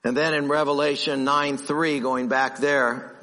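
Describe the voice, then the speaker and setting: A man preaching a sermon who acts out the voices in his stories and drops low and slow for emphasis. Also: little pitch movement, bright, forceful tone. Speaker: pastor. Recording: long reverb of a church hall.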